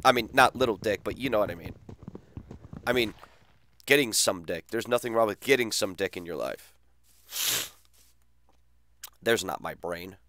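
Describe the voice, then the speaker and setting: A man's voice: fairly low pitch, expressive, normal speed, long pauses, pushed and bright, no room sound. A man streaming a game, bantering with his chat in a crude, teasing way. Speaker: gaming streamer. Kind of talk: casual live-stream chat.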